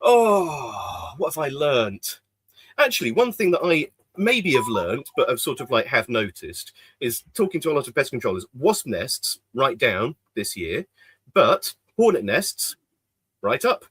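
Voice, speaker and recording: A man's voice: medium pitch, very animated, measured pace, a bit bright, husky, no echo. Rambling male podcast co-host, dry sound. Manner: rambling with many fillers and restarts. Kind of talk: casual chat. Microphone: desk mic in an office.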